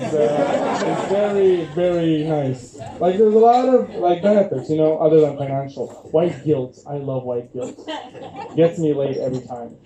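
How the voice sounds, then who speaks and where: A young man from Syria performing a stand-up comedy set, chatty and loose, with lots of fillers. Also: on the high side. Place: comedy club stage. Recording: echoey room, poor audio.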